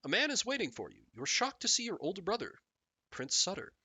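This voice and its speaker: With a high, slightly rough voice and a quick pace, a man streams a text game live with no echo. He jokes about the story while reading it aloud, full of animation.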